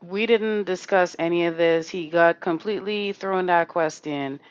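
A woman's voice: fairly low pitch, normal speed, smooth, no room sound, dull audio. A woman hosting a live online talk show who speaks emphatically, swears freely and keeps asking "right?". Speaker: host.

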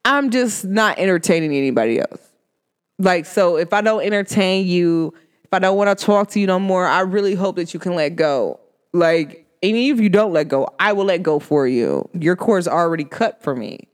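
A woman's voice: fairly low pitch, animated, moderate pace. A woman who reads energy and makes candles, talking bluntly and with animation in a casual podcast monologue. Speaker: spiritual reader and candle maker.

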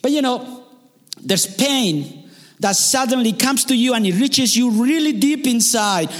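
A man doing a stand-up comedy story, animated and swinging into loud, high quoted voices of himself and strangers. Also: a little slow, in a large hall.

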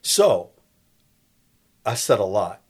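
On a faith talk show, a guest in his fifties takes his time, his voice on the low side, dark-toned and slightly rough, yet very animated. He preaches his points emphatically and repeats the key lines for weight.

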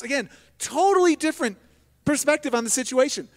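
Male pastor, high-pitched, delivers a sermon that swings from hushed prayer to loud emphasis, long hall reverb. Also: expressive, moderate pace.

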